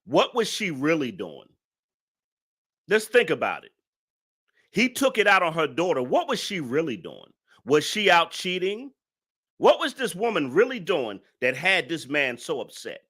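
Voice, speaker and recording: A man's voice: a little high, wildly swooping pitch, measured pace, a bit bright, slightly rough. A man hosting a reaction commentary, ranting angrily and repeating himself with heavy profanity. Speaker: commentary channel host.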